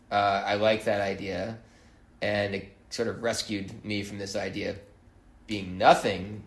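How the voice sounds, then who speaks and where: A man hosting a solo podcast, talking in a wry, musing way and often pausing to hesitate. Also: on the low side, echoey room. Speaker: podcast host.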